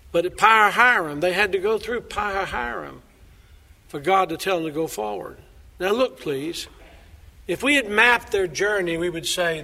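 A man preaches from the pulpit in a high, bright voice. He surges to loud declarations and then drops to quiet asides. His voice carries a long echo through a big church hall. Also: gravelly. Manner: preaching with sweeping rises and drops in loudness. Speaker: pastor. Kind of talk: sermon. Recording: long reverb of a large hall.

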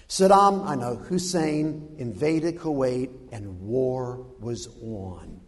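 A man preaching a sermon, telling a story in an animated, humorous way with dramatic pauses. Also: medium pitch. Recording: long hall reverb.

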